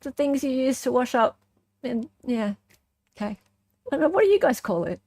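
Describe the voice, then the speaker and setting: A woman's voice: sits high, normal speed, no echo. Sarcastic Australian woman with a dry voice. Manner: animated, sarcastic, keeps asking "right?". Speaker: true-crime commentary host. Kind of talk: casual livestream commentary.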